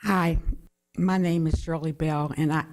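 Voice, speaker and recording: A woman's voice: deep voice, steady tone, a little slow, darkish tone. A woman, the victim's mother, speaking earnestly at a press conference while holding back tears. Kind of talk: emotional press conference statement.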